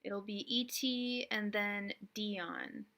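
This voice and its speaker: A young woman hosting a live tarot stream, hurried and distracted as she talks to viewers, murmuring low incantations over the cards from a small room at home. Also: creaky, bright, forceful tone. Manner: hurried and distracted, pausing to talk to her dog.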